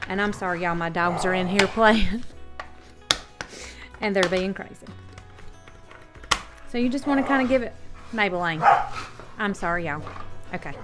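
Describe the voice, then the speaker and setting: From the Southern United States, a woman with a Southern accent hosts a casual cooking show in her home kitchen, speaking at medium pitch. She chats with viewers in a homey way and checks in with them often.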